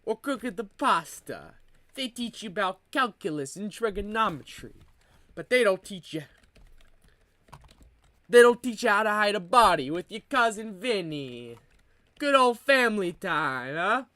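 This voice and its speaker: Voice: mid-range voice, sing-song, measured pace, bright, forceful tone, no room sound. Someone putting on a brash Italian-American storyteller. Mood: mock-stern. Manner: choppy exaggerated Italian-American accent, comic bits. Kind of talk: comedy bits during a game stream.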